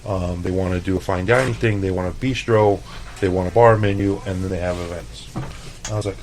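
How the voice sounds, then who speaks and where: A man from El Paso, a chef, telling stories in a loose, profane, animated way on a podcast. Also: deep voice, fairly quick, rough recording. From El Paso, Texas. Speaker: chef, interview guest. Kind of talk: casual storytelling.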